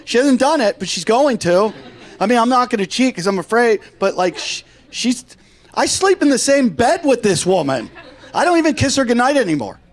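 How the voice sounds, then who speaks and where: Higher-voiced man doing stand-up. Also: moderate pace. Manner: deadpan storytelling, dropping quietly into quoted lines. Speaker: stand-up comedian. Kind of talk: stand-up comedy set. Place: comedy club stage with audience laughter.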